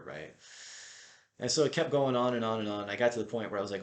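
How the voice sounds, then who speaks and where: A man's voice: mid-range voice, fast talker, reverberant. A middle-aged man telling a personal story in a casual, rambling way, with many fillers and restarts. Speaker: qigong teacher and vlogger.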